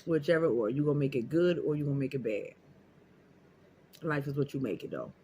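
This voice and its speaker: A motivational vlogger with a medium-pitched, dark voice speaks fairly quickly to the camera, giving his viewers an emphatic, repetitive pep talk. His casual talk has slight background noise.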